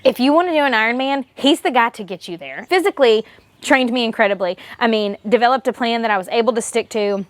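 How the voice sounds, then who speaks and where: A woman's voice: on the high side, expressive, fast talker, no echo. A young woman vlogger recounting her race day in a chatty, enthusiastic way that turns emotional. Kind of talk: casual race recap.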